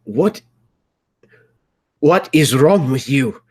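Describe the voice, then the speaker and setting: A man's voice: on the low side, steady tone, extremely slow, darkish tone. A man playing a grief-stricken young man who confronts his father in a strained, raw voice. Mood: anguished.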